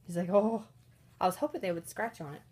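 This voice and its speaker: Casting note: chatty woman with a slightly husky, lowish voice, home pet vlog on a phone. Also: very animated, rapid-fire. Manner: chatty, giggly, voices her cats' thoughts in squeaky bursts. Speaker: pet vlogger. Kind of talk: casual off-camera narration of pets. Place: indoors at home. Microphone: handheld phone camera.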